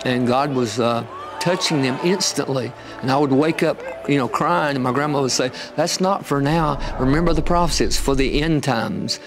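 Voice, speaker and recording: A man telling an emotional personal testimony, growing animated as the story builds. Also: normal speed, over music. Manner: storytelling, gets animated and higher when excited. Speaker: guest telling his testimony.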